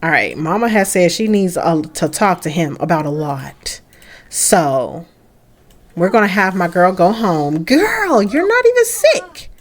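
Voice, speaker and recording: A young woman giving casual let's-play commentary on a life-simulation game, chatty and animated. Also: on the low side, unhurried. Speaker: gaming creator.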